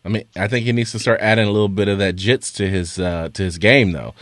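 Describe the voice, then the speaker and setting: A man's voice: lowish voice, fast, dry recording. Dry-voiced man telling a story. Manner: animated storyteller, stammers when pressed. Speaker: podcast co-host. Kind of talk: casual sports chat. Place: studio.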